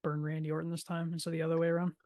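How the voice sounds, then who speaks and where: A podcast co-host in casual wrestling chat, reacting with short quick asides. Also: medium pitch, completely flat delivery, a little mellow, no room sound, studio quality.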